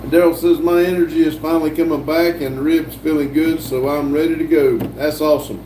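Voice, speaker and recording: Older man, livestream host reading chat; mellow voice, echoey room. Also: fairly high pitch, fairly even intonation, fairly quick. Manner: reads chat aloud with frequent fillers and restarts. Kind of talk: casual live-stream chat. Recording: echoey room, voice from a distance, faint hum.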